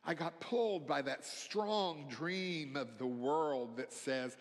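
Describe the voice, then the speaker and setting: Man, minister, sermon, slow unhurried delivery, soft near-whispered phrases, echoing hall. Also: on the high side, animated. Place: church sanctuary. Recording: long hall reverb.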